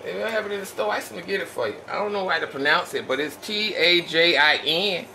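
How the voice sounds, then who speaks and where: This home cook and channel host sounds tired as he demonstrates a dish in his kitchen, chatting to "y'all" in a folksy manner. His high, bright voice is animated, very fast and forceful, with vocal fry; the sound is distant, echoey and noisy.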